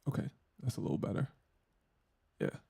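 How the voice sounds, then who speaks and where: Speaking at a moderate pace in a dark tone, a tech tutorial host runs a relaxed, hands-on audio lesson, cracking loose jokes and explaining settings as he tries them out.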